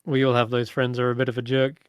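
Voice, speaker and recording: Halting, chatty man running a tabletop game. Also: mid-range voice, monotone, smooth, dry recording. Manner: halting, self-correcting, laughs often. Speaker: dungeon master.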